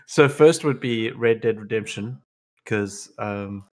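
A man's voice: mid-range voice, lively intonation, slow pace, fairly bright tone. A man chatting casually on a podcast in an easygoing way. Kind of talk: casual group chat.

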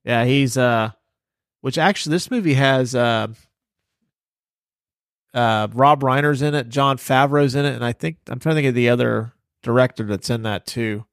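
A man's voice: medium pitch, normal speed, clear, resonant tone, dry recording. Laid-back man riffing on a movie, dry sound. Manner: loose, filler-heavy, profane. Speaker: podcast host. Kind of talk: casual movie review chat.

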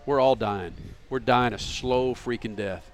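A man's voice: medium pitch, unhurried. A man who hosts a motorsport talk show, ranting crudely and with heat in a casual podcast chat.

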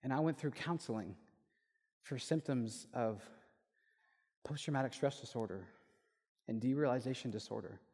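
A young man preaching a sermon, telling a personal story and lively when he quotes others. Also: mid-range voice, normal speed, pauses often. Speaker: pastor. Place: church hall. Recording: echoey hall with long reverb.

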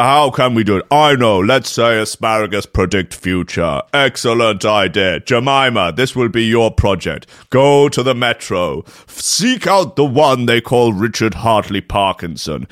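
A man's voice: medium pitch, expressive, a little slow, hardly any pauses, no room sound, studio quality. Man putting on a bossy asparagus tycoon with an odd accent. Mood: scheming. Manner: loud, clipped and bossy. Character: scheming male asparagus company boss with an odd accent.

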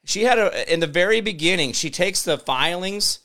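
A man's voice: high voice, lively intonation, normal speed, bright, forceful tone. A man hosting a political commentary show, ranting sarcastically and mocking others with put-on voices. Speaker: host.

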